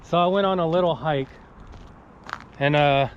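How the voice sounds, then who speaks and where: A man's voice: a little high, moderate pace, pauses often, dull audio, slight background noise. A man casually walking viewers through a car stereo setup, talking to them directly in an informal way. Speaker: car stereo how-to vlogger. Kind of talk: casual how-to walkthrough. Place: outdoors near his car, then inside it.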